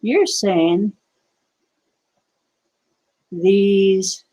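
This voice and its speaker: A woman's voice: medium pitch, very slow, dark tone, poor audio. A woman hosting a casual livestream, rambling and answering viewers' chat comments with conspiratorial asides. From United States. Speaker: livestream host.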